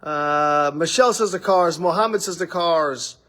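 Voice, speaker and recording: A man's voice: fairly high pitch, unhurried, a bit bright. A man hosting a daily livestream, chatting loosely and rambling, with casual swearing. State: out of breath after running. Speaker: livestream host. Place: studio office with window.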